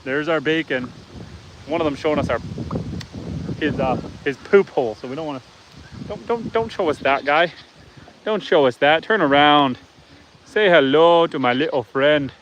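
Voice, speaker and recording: A man's voice: a little high, moderate pace, long pauses, fairly bright tone, a little hiss or hum. A man hosting a live stream from his farm, chatting with viewers and talking to his pigs, goats and chickens. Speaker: homestead livestream host. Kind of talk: casual live-stream chat. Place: outdoors on a farm among animals.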